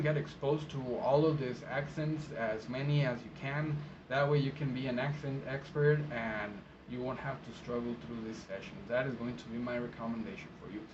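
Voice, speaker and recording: A man whose first language is not English, an interpreter giving relaxed advice in a casual vlog, rambling with many fillers and restarts. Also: medium pitch. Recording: dull sound with clear background noise.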